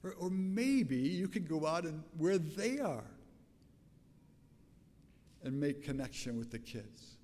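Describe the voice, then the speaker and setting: A raspy-voiced older man delivers a sermon in a loose, conversational storytelling manner, often restarting his phrases. His voice sits a little high for a man. The recording carries the long reverb of a church sanctuary. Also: big pitch swings, takes it slowly, pauses often, a little mellow. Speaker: pastor.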